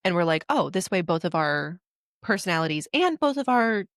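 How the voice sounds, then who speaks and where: Low-voiced chatty woman podcaster. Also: very animated, brisk, dry recording, studio quality. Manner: chatty, heavy on "like", acts out remembered quotes. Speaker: podcast co-host. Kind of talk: casual chat.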